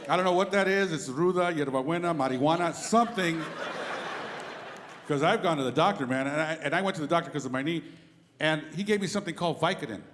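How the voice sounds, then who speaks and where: On a comedy club stage in front of a live crowd, a middle-aged male stand-up comedian tells animated, quick stories and slips into acted character voices. His pitch is fairly high. The room is reverberant, with steady background noise.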